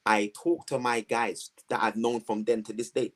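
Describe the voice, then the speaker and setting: A man, telling his story to two hosts in a lively, slangy way, acting out the voices of people around him. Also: mid-range voice, normal speed. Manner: animated, slangy storytelling with acted-out quotes. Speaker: guest. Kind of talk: storytelling in a conversation.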